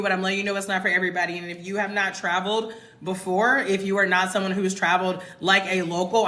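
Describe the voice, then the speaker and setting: Chatty American woman, bright voice. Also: mid-range voice. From United States. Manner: chatty, emphatic, addresses viewers as y'all. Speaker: expat content creator. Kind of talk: casual livestream chat. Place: home in Mexico. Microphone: phone.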